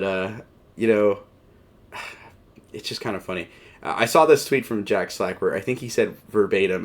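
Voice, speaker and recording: A man hosting a mixed martial arts show, talking in a rambling, casual way full of fillers and wry, self-mocking asides. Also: on the low side. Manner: wry, joking, laughs at himself. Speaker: MMA show host. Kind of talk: casual commentary.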